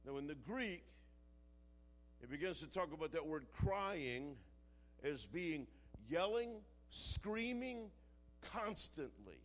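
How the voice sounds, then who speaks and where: Man, preacher, sermon, dramatic delivery, fairly high pitch. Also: lively intonation, slow pace, long pauses. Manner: builds from quiet to shouting, dramatic preaching.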